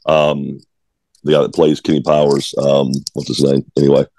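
A man's voice: a bass voice, completely flat delivery, normal speed, warm tone, dry recording. A man in his forties from Georgia, a former ballplayer telling blunt, profane stories as a guest in a casual interview. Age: 40s. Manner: blunt, profane, repeats words when restarting. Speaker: guest, former baseball player.

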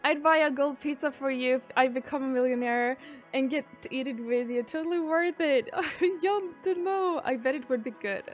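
Speaking at a moderate pace in a high-pitched voice, a woman streamer keeps up easygoing chat, reading out messages from viewers and answering them. Faint music plays behind her.

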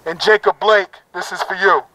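A man with a high voice leads a prayer at an outdoor rally. He speaks fervently in rhythmic, repeated phrases, and his voice comes through dry and close. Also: fairly even intonation, normal speed, pushed and bright, no room sound, rough recording. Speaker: protest speaker leading a prayer. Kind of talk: impassioned rally speech. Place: outdoor town plaza.

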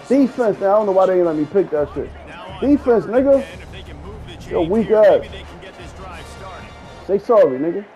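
A man streaming a football video game, trash-talking loudly and boastfully with plenty of profanity. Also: sits high, lo-fi sound. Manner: boastful, profane, loud, laughs a lot. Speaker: gaming streamer. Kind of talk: loud trash-talking gameplay commentary.

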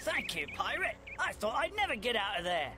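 A high, lively trapped scout. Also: male voice, heavily acted. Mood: relieved. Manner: brisk, informal calls for help. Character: trapped male scout, urgent and breezy. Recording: game audio over music.

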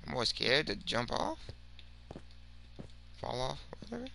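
A young man giving slangy, rambling commentary over his game, swinging from mumbles to shouts. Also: mid-range voice, very animated, a little slow, vocal fry, slight background noise. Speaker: gaming video creator. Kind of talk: casual gameplay commentary.

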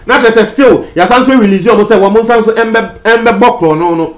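Ghanaian male TV presenter, high voice, talks straight to viewers, echoey room. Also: brisk, few pauses. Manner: mixes Twi with English; addresses viewers directly. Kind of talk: commentary on a news story. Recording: roomy echo.

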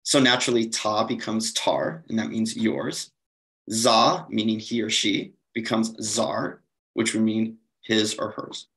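A man's voice: lowish voice, unhurried, fairly bright tone, rough recording. A man giving a slide-based conference lecture, explaining steadily with occasional fillers and self-corrections. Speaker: conference presenter.

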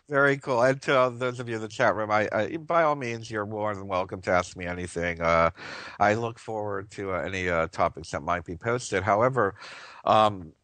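An earnest male radio host talks in a rambling monologue, restarting his sentences and chuckling as he goes. His voice sits a little low. The sound is dry and close, with no room echo. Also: normal speed, fairly bright tone. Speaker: radio talk show host.

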